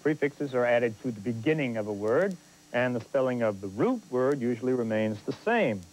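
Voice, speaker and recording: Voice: medium pitch, lively intonation, moderate pace, a little mellow, lightly acted, rough recording. An actor playing an encouraging grammar mentor in a scripted educational TV lesson. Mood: explaining.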